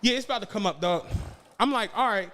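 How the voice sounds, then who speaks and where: Sitting high and moving fast, the male voice belongs to a podcast co-host in a casual storytelling chat. He's animated and profane as he relates a long tale, impersonating the people in his story.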